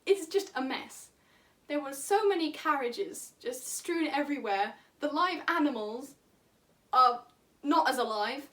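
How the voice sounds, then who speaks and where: A woman with a high voice speaks in an animated, chatty infodump, now and then laughing mid-sentence. She sits a little away from the mic. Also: a little slow, recorded from a distance. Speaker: vlogger. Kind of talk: enthusiastic casual infodump.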